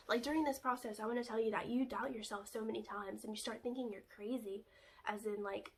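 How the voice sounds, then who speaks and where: A young woman vlogger telling a personal story in a chatty, confiding way, full of "like" and "you know," sometimes dropping to a hushed whisper. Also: fairly high pitch, fairly even intonation, fast talker, a little hiss or hum.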